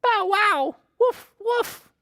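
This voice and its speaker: A woman voicing an excitable little puppy, barking in a squeaky, high voice. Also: extremely slow, no echo, clean studio sound, full character voice. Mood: excited barking.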